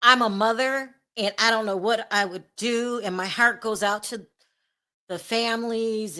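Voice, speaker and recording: Chatty middle-aged woman streamer, emotional and direct with viewers, bright, slightly high voice. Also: measured pace. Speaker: YouTube gossip show host. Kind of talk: casual live-stream chat.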